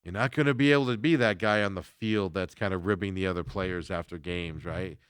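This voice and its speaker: A man's voice: deep voice, fairly quick, clear, resonant tone, no room sound, studio quality. A man hosting a sports talk show, chatting casually with lots of fillers as he reacts to viewer comments.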